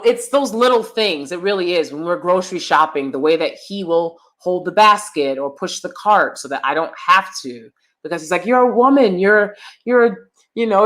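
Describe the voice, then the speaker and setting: A woman's voice: lowish voice, a bit bright. A woman hosting her own channel, talking in a casual commentary style, emphatic and chatty, often checking in with "you know" and "right" and repeating lines for emphasis. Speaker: channel host.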